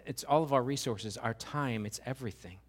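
A man, a pastor, preaching an animated sermon, often acting out quoted voices and building to loud, rising questions. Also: medium pitch, fairly quick.

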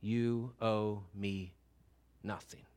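A man voicing a merciful king who forgives a huge debt, speaking slowly and solemnly in a hushed voice. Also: lowish voice, fairly even intonation, clear, resonant tone, voice pushed down, natural voice. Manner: slow, hushed, solemn delivery.

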